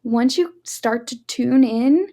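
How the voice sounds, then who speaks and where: Reflective woman, slightly high voice. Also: takes it slowly, warm tone. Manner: reflective, many fillers like "like" and "um". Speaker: podcast co-host. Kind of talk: casual spiritual chat.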